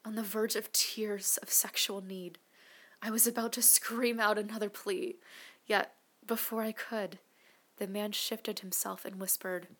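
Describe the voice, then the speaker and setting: A woman narrating an erotic audio story, mostly in a hushed, breathy whisper. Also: mid-range voice, fairly even intonation, measured pace. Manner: hushed, breathy, intimate delivery.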